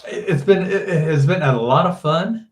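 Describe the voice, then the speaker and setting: An older man, a teacher, giving measured interview answers and often restarting his sentences. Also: a little high, roomy sound. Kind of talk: slow thoughtful interview answers.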